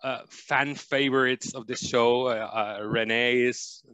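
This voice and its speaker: Male host, bright tone, close dry sound, friendly moderator. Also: medium pitch, fairly even intonation, clear, resonant tone, no echo. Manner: friendly, quick to laugh. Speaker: podcast host and panel moderator. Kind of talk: moderating a panel.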